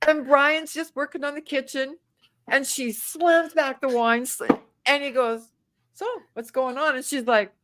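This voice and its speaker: Podcast guest: middle-aged woman, slightly high voice, animated anecdote teller. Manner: animated, acts out quotes with big pitch jumps. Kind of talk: casual storytelling.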